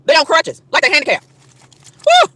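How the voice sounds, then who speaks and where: Woman vlogger, outdoor park rant; high, bright, rapid-fire, emphatic and repetitive preaching delivery. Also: wildly swooping pitch, no echo. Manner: emphatic, repeats and stammers over words, rhetorical questions. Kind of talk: preachy street rant to camera.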